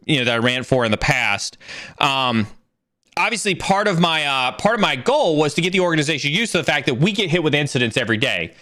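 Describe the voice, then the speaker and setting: Bright-voiced man hosting a live Q&A. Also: on the high side. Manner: animated storyteller, fillers and restarts. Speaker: host answering career questions. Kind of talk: casual livestream Q&A.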